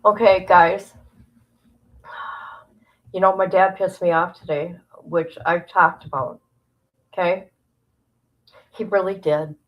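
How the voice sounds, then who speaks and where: A woman's voice: on the low side, steady tone, slow pace, long pauses, dull audio. Casting: woman livestreamer, blunt and profane, talks straight to her viewers and laughs as she vents. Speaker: streamer. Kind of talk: casual livestream chat.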